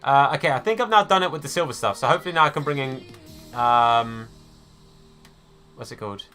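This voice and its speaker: Bright-voiced streamer chatting with viewers. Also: male voice, medium pitch, a little fast, faint music behind. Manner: chatty, reads and answers chat by name, calls viewers mate and fella. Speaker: live streamer. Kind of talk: casual live-stream chat.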